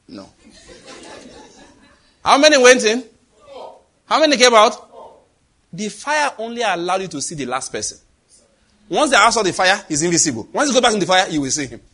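A man preaching in a high, husky voice. His delivery is lively and dramatic, swinging widely in pitch as he acts out voices and sound effects. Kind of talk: sermon.

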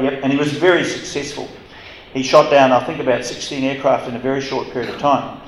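A man's voice: medium pitch, fast talker. A man telling a wartime anecdote to a live meetup, rambling with frequent restarts and fillers. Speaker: guest storyteller. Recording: echoey room recording.

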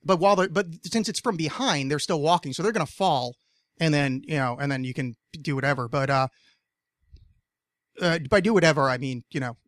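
A man's voice: a little high, fairly quick, no room sound, clean studio sound. A man from New Jersey hosting a casual podcast chat, rambling and profane, stammering through many restarts. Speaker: podcast host.

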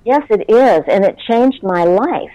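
A woman's voice: mid-range voice, expressive, no echo, highs cut off. Heartfelt woman in her sixties, dry sound. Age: 60s. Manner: heartfelt, halting, with many fillers. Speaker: guest. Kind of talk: personal storytelling in conversation.

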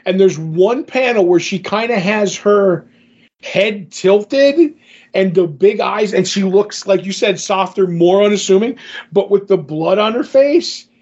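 A man's voice: high voice, a little slow, darkish tone, highs cut off. A man co-hosting a podcast, casually talking about comics and recapping a story in a rambling way with many fillers. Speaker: podcast co-host. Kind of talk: casual comic book discussion.

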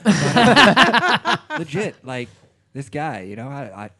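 A man's voice: a little high, huge pitch swings, slow, bright, forceful tone. A man who is a regular panelist in a casual chat, joking and self-deprecating.

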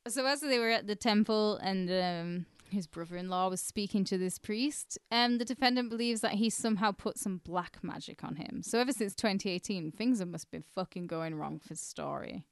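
Chatty woman, smooth clear voice. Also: medium pitch, moderate pace, few pauses, no room sound, studio quality. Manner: chatty storyteller, laughs often, swears casually. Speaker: podcast co-host. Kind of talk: casual chat.

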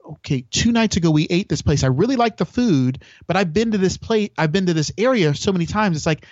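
A man's voice: high voice, lively intonation, fairly quick, darkish tone, no echo. Rambling man on a slightly dull line. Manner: rambling storyteller with many restarts. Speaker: podcast guest. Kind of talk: casual chat.

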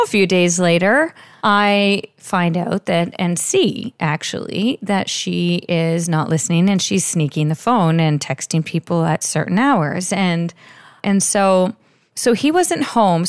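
A woman's voice: mid-range voice, clean tone, dry recording, studio quality. A woman talking about being a stepmother, telling her own stories in an earnest, confiding way with many restarts. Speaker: stepmother sharing advice. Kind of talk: personal storytelling monologue.

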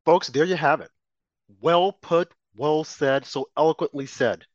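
A man hosting a political talk show, forceful and rhetorical. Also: a little high, a little slow, no echo, lo-fi sound.

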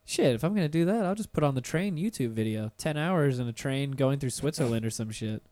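A man's voice: mid-range voice, animated, brisk, a little mellow, dry recording. A man hosting a podcast in a studio, chatting casually, teasing and swearing freely. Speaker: podcast host. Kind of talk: casual chat. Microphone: studio microphone.

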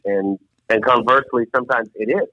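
A man co-hosting a podcast, chatting casually in a halting way full of fillers. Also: medium pitch, bright, forceful tone, no room sound. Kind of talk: casual chat. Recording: dull, slightly lo-fi.

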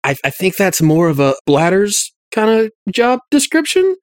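A man's voice: high-pitched, very animated, moderate pace, no room sound. A man playing a tabletop game, friendly and stammering over his words. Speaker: player. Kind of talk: tabletop role-play.

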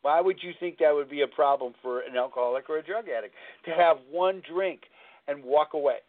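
This call-in recovery show host has a fairly high voice and talks fairly quickly, the audio thin and tinny like a phone line. He rambles through a personal story with earnest sincerity, circling back to say the same things again.

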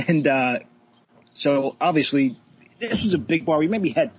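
A man, a bartender, casually telling a work story, animated, swearing and acting out what people said, with laughs. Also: fairly high pitch, measured pace, slightly rough, lo-fi sound. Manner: animated, swearing, laughs often, acts out quotes.

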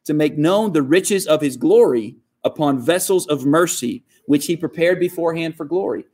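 Earnest preacher, higher-pitched man. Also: normal speed, husky. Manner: earnest preaching with lively, shifting emphasis. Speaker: pastor. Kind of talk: sermon.

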